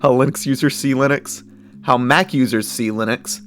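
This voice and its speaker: A young man giving casual, chatty commentary as he reacts to memes, with frequent laughs and animated asides. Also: medium pitch, moderate pace, a little hiss or hum.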